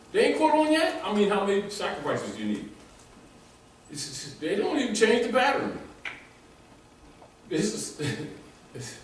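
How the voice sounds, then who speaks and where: A man giving an animated, rambling informal lecture to a small group, restarting his sentences as he goes. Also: sits high. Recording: echoey room, mic far off, faint noise.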